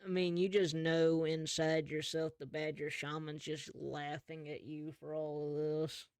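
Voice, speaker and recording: A man narrates a tabletop role-play as game master, relaxed and often chuckling. His voice sits a little high and is recorded close and dry. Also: a little slow, clear, resonant tone, no room sound.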